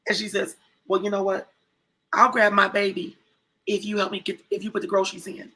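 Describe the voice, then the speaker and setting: A woman co-hosting a casual talk show, telling a story with lively quoted voices. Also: medium pitch, a little fast, breathy edge, poor audio. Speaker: co-host.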